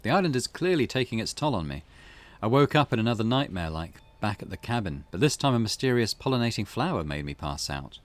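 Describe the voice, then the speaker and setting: A man hosting a let's play, reading in-game notes aloud and muttering relaxed asides as he explores. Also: lowish voice, fast talker, few pauses, dry recording. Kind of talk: gameplay commentary.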